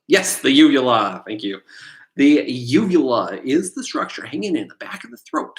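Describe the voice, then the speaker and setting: A man's voice: medium pitch, very animated, brisk, rough recording. Casual man quizzing live viewers. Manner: casual, rambling, asks viewers questions. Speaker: test prep instructor. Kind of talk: live-stream quiz lesson. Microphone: computer mic on a live stream.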